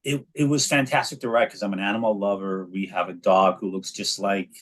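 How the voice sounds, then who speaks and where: Man in his forties, low-pitched, lively anecdotes, casual interview guest. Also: brisk. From New York. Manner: animated storyteller, frequent restarts. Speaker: guest, actor and children's author.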